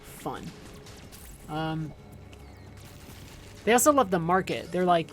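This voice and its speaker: A woman's voice: fairly low pitch, very animated, slow pace, faint music behind. A woman in her thirties chatting casually on a gaming livestream, ranting sarcastically and swearing, with frequent restarts. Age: 30s. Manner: rambling, profane, sarcastic rants with restarts. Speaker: streamer.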